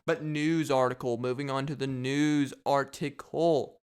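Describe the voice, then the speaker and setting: A man's voice: mid-range voice, fairly even intonation, a little slow, darkish tone, clear, resonant tone. A man hosting a solo comedic podcast, rambling and joking, repeating himself as he riffs. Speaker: podcast host.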